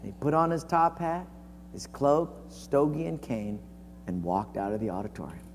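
A man's voice: normal speed, slight background noise. Man preaching in a large echoing hall. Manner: folksy storyteller, acts out quotes with big swings in pitch and volume. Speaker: pastor. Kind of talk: sermon with storytelling.

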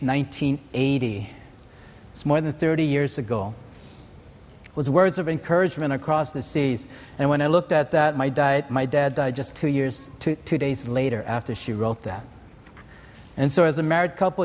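An older man from Hawaii preaches, his voice sitting a little high for a man. He talks in an earnest, measured way, moving through stories and scripture. The sound carries a long, ringing reverb from a big hall. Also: a little mellow. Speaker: pastor. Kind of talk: sermon.

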